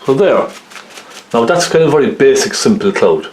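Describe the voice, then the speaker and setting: A man of middle pitch walks through an oil painting demonstration in a friendly, chatty way. He keeps checking in with short tag questions, and his voice carries a noticeable roomy echo. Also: animated, normal speed, darkish tone, a little hiss or hum. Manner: chatty, lots of tag questions like okay and isn't it. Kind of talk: step-by-step painting tutorial.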